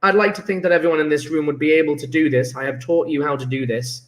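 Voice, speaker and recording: A man's voice: a little high, steady tone, quick pace. Chatty male teacher, echoey room. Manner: chatty, enthusiastic, thinks aloud. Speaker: chemistry teacher. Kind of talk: recorded homework review lesson. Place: classroom.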